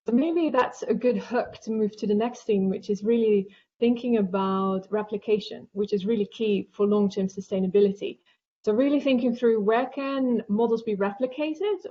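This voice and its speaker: A woman moderating an online panel, asking measured questions over a video call. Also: mid-range voice, dark tone, lo-fi sound.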